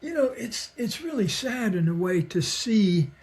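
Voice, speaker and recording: An older man talks in an easy, reflective way, a guest on a podcast telling stories from his life and work. His voice sits a little high for a man, and he chuckles often and slips into the voices of the people he quotes. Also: very animated, measured pace, a little mellow. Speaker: podcast guest, psychologist and author. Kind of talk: relaxed conversational storytelling.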